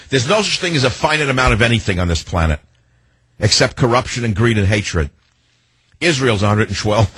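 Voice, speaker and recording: A man's voice: mid-range voice, lively intonation, a little fast, fairly bright tone, slightly rough, dry recording. An older man hosting a talk show, rambling in a sardonic, free-associating monologue. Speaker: radio talk host. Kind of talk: opinionated talk radio monologue.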